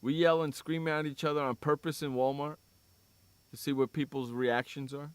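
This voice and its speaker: A man's voice: on the high side, little pitch movement, normal speed, clear, resonant tone, no echo. A man hosting a sports radio show in casual chat, teasing his co-host, joking and repeating himself. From San Diego.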